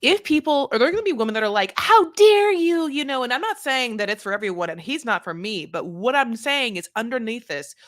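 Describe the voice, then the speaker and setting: A woman's voice: a little high, lively intonation, fast, few pauses, fairly bright tone. A woman co-hosting a casual podcast chat, thinking aloud with restarts and fillers before landing on firm opinions. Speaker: podcast co-host.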